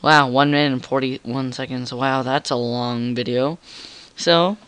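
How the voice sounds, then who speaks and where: A man's voice: medium pitch, fairly even intonation, a little slow, a bit bright, smooth, dry recording. A teenage boy doing goofy, rambling commentary over his game, with a frog in his throat. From Canada. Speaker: gamer. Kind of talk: gameplay commentary.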